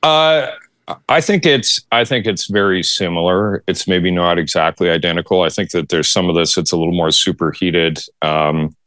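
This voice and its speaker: A man, a political commentator, weighing his points in a measured, analytical way on a podcast panel. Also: low voice, a bit bright, no echo.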